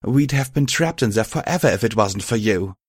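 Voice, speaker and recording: A man's voice: on the low side, expressive, a little fast, husky, no echo, clean studio sound. A man voicing a grateful, wide-eyed mare pony who is a mother.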